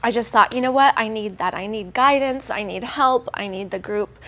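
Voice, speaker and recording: A woman's voice: a little high, normal speed, fairly bright tone. A woman in her forties with a Southern American accent, telling her personal fitness story in an earnest, emotional testimonial. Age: 40s. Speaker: gym client giving a testimonial. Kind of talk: testimonial interview.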